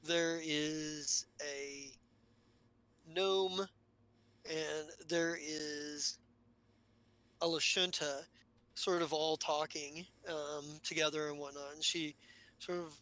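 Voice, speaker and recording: A man with a bright tone narrates a tabletop game as game master. He talks haltingly, stringing his thoughts together with fillers. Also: fairly high pitch, fairly even intonation, clear, resonant tone.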